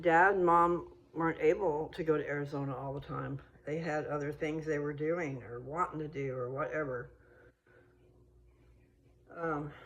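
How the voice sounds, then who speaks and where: An American woman from the United States, a vlogger with a low voice, chats casually while out on an outdoor walk. Her talk meanders as she thinks aloud, and the audio sounds dull.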